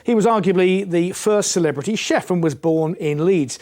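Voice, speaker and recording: A man presenting a regional TV news programme, reading links smoothly. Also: sits high, normal speed, darkish tone. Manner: smooth, lightly jokey link reading.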